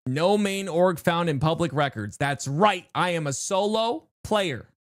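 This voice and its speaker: Animated, chatty live streamer. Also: medium pitch, unhurried, no room sound, clean studio sound. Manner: excitable and chatty, restarts sentences, talks to chat. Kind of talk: live-stream game reaction chat.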